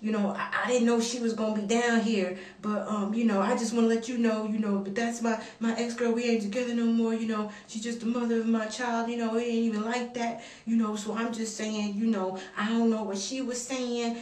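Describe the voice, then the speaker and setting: A woman putting on a halting man leaving an excuse-filled voicemail, full of uh and you know. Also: a little high, little pitch movement, a little mellow, reverberant, far from the mic, close to an everyday voice. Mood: sheepish.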